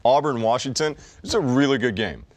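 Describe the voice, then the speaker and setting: A man's voice: mid-range voice, lively intonation, fairly quick, dry recording. A young man co-hosting a podcast, chatting casually and sarcastically about sports. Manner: wisecracking, sarcastic. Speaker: podcast co-host.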